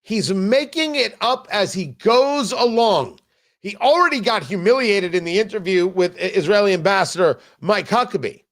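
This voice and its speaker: Exasperated, sarcastic high-voiced male host. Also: animated, fairly bright tone. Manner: exasperated, sarcastic, halting with repeated restarts. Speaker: talk show host. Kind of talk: political commentary show.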